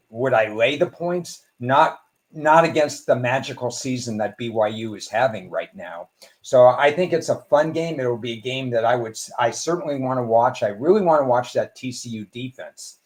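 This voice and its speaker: A man talking as a guest on a sports betting show, giving measured, analytical football picks and thinking aloud with small restarts. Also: mid-range voice, a little mellow. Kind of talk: casual sports betting talk.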